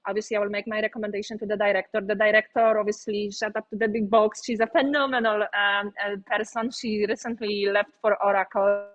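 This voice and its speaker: Woman, Polish accent, animated storyteller, middle pitch, slightly dull lo-fi sound. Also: fairly quick, few pauses. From Poland. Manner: animated storyteller, frequent fillers. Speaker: interview guest. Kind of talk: casual interview storytelling.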